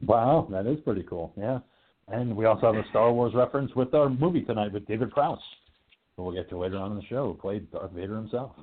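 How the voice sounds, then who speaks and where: A man's voice: fairly low pitch, fast talker. A man hosting an online horror talk show, joking and swearing in casual banter. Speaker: podcast host. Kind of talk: casual chat. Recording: tinny phone-like online radio.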